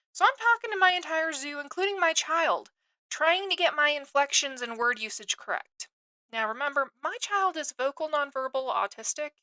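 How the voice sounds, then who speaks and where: A woman's voice: high voice, sharp tone, no room sound, poor audio. A woman hosting a literary podcast, talking in an enthusiastic, self-deprecating way. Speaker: podcast host. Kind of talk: chatty podcast monologue.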